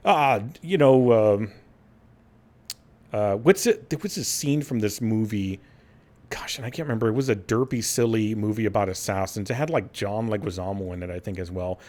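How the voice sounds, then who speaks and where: A man's voice: lowish voice, moderate pace, darkish tone. A man hosting a gaming podcast in casual chat. He laughs often and acts out quotes in silly voices. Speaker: podcast host.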